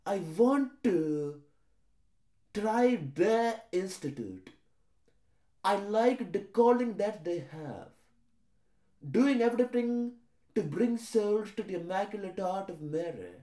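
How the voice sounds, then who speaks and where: A young man speaking in an earnest, calm and measured way, at times halting, recorded in an echoey room. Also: high-pitched. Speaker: aspiring seminarian.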